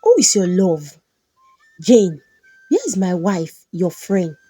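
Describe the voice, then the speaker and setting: A man's voice: high voice, animated, slow pace, mellow, breathy edge, no echo, soft background music, full character voice. A woman voicing an emotional, pleading young husband in a folktale. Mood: angry. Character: bewitched husband, confused then remorseful.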